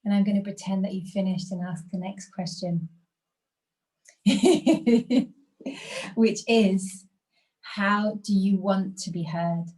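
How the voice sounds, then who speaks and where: A woman leading a guided group workshop over a video call, speaking in a calm, encouraging way that invites reflection. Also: mid-range voice, normal speed, poor audio. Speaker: workshop facilitator.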